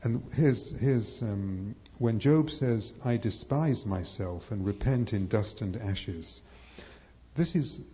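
A man's voice: mid-range voice, warm tone. A man giving a live lecture to an audience, rambling and hesitant, with many fillers and restarts. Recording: echoey hall, dull lo-fi sound.

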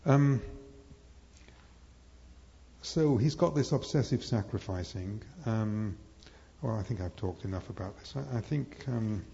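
A man's voice: fairly low pitch, lively intonation, measured pace, vocal fry, long pauses, dark tone. A man giving a live lecture to an audience, rambling and hesitant, with many fillers and restarts. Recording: echoey hall, dull lo-fi sound.

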